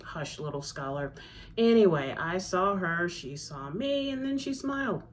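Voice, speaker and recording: A woman doing a fond older father, soft-spoken and lower-pitched, nostalgic manner. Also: animated, unhurried, a little hiss or hum. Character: fond older man, dreamy romantic father.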